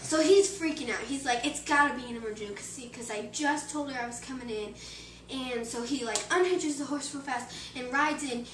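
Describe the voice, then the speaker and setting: A woman's voice: high voice, moderate pace. A teenage girl telling a long joke to friends in a chatty, rambling way, full of "like" and "he's like". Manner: chatty, filler-heavy storytelling. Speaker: joke teller. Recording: far-off echoey room with loud background noise.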